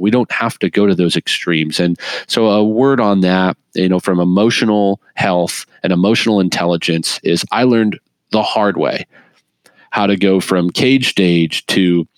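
Deep-voiced man sharing a faith testimony. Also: measured pace, dry recording. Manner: animated, laughs often, frequent restarts. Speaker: guest. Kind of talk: earnest conversational testimony.

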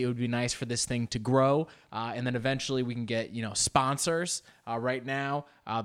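A man hosting his solo podcast in a casual, rambling way. He is self-deprecating and uses many fillers and restarts. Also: a bit bright. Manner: pitch jumps up and down a lot. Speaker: podcast host.

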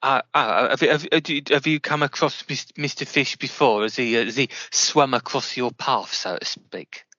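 A man's voice: mid-range voice, moderate pace, few pauses, bright, forceful tone, dry recording, muffled recording. A British man interviewing a guest, hesitant and stammering, cracking jokes in an improvised comedy chat.

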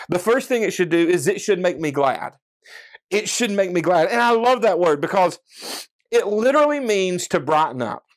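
Male preacher, slightly high voice, casual conversational sermon, lots of check-ins. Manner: conversational, enthusiastic Bible teaching with frequent "okay?" check-ins.

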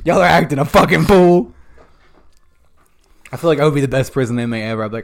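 Gravelly young man joking around. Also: mid-range voice, lively intonation, fast talker, pauses often. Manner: joking banter, acts out silly voices, swears a lot. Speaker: podcast co-host. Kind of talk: casual chat.

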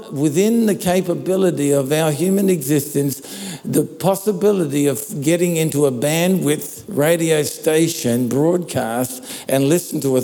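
A man preaching a sermon in a church, speaking into a microphone in a relaxed, conversational way and often checking in with his listeners. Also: fairly high pitch. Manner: conversational, checks in with "all right?". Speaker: pastor. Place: church hall. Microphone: handheld or stand microphone. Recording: long reverb of a large hall.

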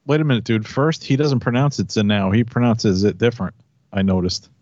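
A man's voice: on the low side, a little fast, a little mellow, no room sound, lo-fi sound. A man in casual chat, talking in a dry, teasing way.

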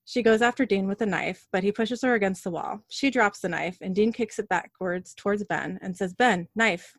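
A woman's voice: mid-range voice, fairly quick, no echo, clean studio sound. A woman casually recapping a TV episode as podcast host, telling the story in a plain, chatty way.

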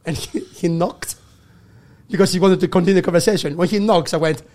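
A man with a fairly high voice tells a rowdy anecdote on a comedy podcast. He acts out each person in the story, swears freely and keeps breaking into laughter. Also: fairly quick, darkish tone. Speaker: guest comedian. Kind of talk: casual storytelling.

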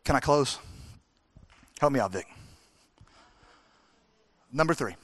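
A man's voice: medium pitch, expressive, slow, long pauses, fairly bright tone. A man preaching a sermon as pastor at a church service, driving his points home with emphatic, repeated exhortations.

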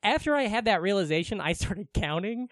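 A man's voice: high voice, animated, a little fast, no echo. A man co-hosting a podcast in casual chat, laughing often and swearing freely. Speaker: podcast co-host.

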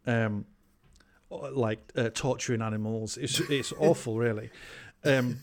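A man's voice: mid-range voice, steady tone, measured pace. A man recapping a film in a rambling, hesitant way, full of ums and crude jokes. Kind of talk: casual film chat.

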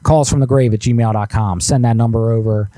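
A man's voice: mid-range voice, fairly even intonation, a little fast, mellow, no room sound. A man hosting a live prank call show, rambling and teasing his co-host in a joking way. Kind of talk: casual live-stream banter.

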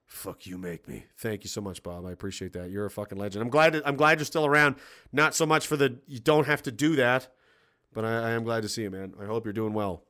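A man's voice: medium pitch, quick pace, clear, resonant tone. A man hosting a casual livestream, reading viewer messages aloud, cursing freely and laughing often. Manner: profane, animated, laughs often, reads chat aloud.

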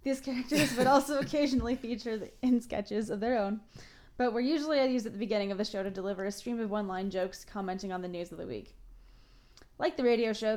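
With a voice on the high side and a darkish tone, this Ontario woman co-hosts a casual podcast. She alternates between notes and free conversation, laughing often, saying "like" a lot, and correcting herself.

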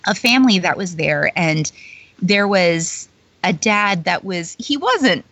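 A woman's voice: lowish voice, lively intonation, slow, fairly bright tone, no echo. A woman who is a guest on an interview show, telling anecdotes in chatty, casual talk full of fillers and frequent laughter. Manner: chatty storyteller, many fillers, laughs often. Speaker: guest, former theme-park character performer. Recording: dull lo-fi dry recording.

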